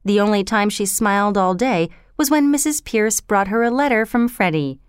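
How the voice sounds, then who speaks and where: A woman narrating a storybook in an expressive, steady reading voice. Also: medium pitch, moderate pace, clear, resonant tone, dry recording, studio quality.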